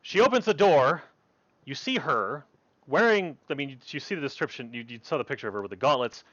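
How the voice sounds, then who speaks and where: A man's voice: mid-range voice, expressive, a little fast, a bit bright, dry recording, lo-fi sound. A man narrating a tabletop game as game master, rambling with many fillers and restarts.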